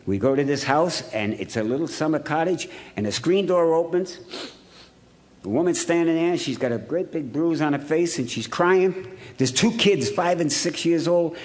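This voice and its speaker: A man from Ohio telling his recovery story to a meeting, blunt and gruff, swearing freely as he acts out the scenes. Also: a little high, lively intonation, moderate pace. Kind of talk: storytelling talk to an audience.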